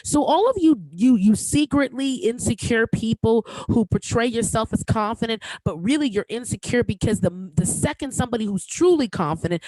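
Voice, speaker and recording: A woman's voice: fairly high pitch, a little mellow, no echo, poor audio. A woman hosting her own podcast, ranting emphatically in slangy casual talk with a voice that projects and cuts through. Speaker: podcast host. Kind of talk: solo podcast rant.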